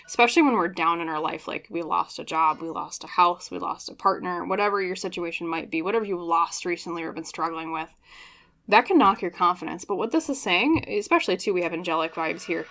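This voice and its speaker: A woman's voice: on the low side, brisk, gravelly, fairly bright tone. A woman giving a pick-a-card tarot reading, chatty and earnest, often checking in with "okay?" and apologizing as she goes. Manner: earnest and apologetic, openly emotional. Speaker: tarot reader.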